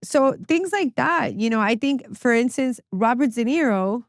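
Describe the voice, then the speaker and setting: A woman's voice: on the high side, lively intonation, unhurried, dry recording, clean studio sound. A woman guest on a podcast, chatting casually and animatedly, laughing often and swearing freely. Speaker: podcast guest, music publicist. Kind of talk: casual chat.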